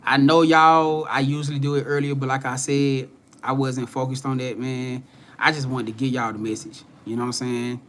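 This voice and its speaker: A man's voice: mid-range voice, level tone, moderate pace, fairly bright tone, a little hiss or hum. Laid-back young man chatting on a live stream. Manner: laid-back slangy talk, greeting viewers by name, frequent swearing and laughs. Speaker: spiritual card reader hosting a live stream. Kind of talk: casual live-stream chat.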